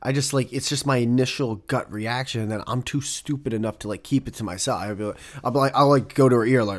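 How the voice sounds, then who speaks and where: A man's voice: mid-range voice, fast, hardly any pauses. Young dude on his podcast mic, rambling and cussing, keeps cutting himself off mid sentence. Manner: rambling, profane, self-interrupting with asides. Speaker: podcast host. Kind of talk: casual solo podcast monologue.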